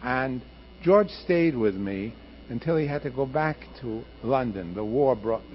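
An older man, a radio producer and director appearing as a guest, tells stories in an interview with emphasis and passion. His voice is medium-pitched with lively intonation at a measured pace, captured in a muffled archival radio recording with faint hiss.

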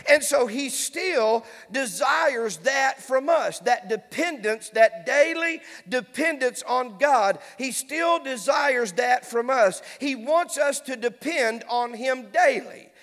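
A man, a pastor preaching a fervent sermon that builds to shouting in a church sanctuary. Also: extremely high pitch, lively intonation, slow, few pauses. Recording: long church hall reverb.

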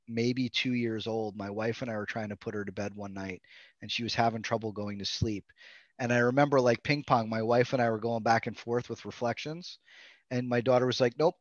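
A man's voice: mid-range voice, no echo. Man giving a training lecture over a dull call line. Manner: earnest, checks in with "right?" and "okay?". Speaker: play therapy trainer. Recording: dull, dry video-call audio.

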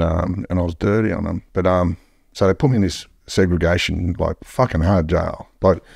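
Gravelly, deep-voiced Australian man. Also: a little mellow, no echo, clean studio sound. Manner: blunt, heavily profane storytelling. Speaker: podcast guest. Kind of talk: casual storytelling.

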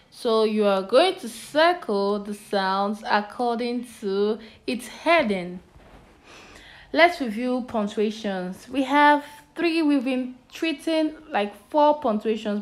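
A woman with a Nigerian English accent teaching a children's lesson on phonics and punctuation. She asks "what?" and then answers her own question. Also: a little high.

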